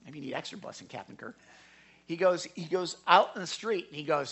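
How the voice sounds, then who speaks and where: A man preaching a sermon, telling a story in an animated way, often repeating words and restarting. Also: a little high, a little fast, vocal fry, husky. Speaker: pastor.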